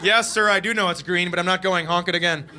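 Man doing stand-up comedy, high lively voice, animated, jokey, noisy recording. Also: quick pace. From Minnesota, USA. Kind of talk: stand-up comedy routine played back.

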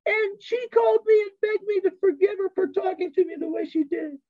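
A man voicing an overjoyed woman caller who is crying and shouting, in a high squeaky falsetto. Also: fairly quick, narrow, tinny audio. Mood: tearful joy.

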